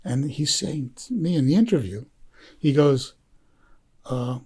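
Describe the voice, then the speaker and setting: A documentary filmmaker, guesting on a podcast, tells a story in a rambling, heartfelt way full of fillers and restarts. His voice is a little high, warm, and slightly breathy, with lively intonation and a somewhat slow pace. It's casual storytelling.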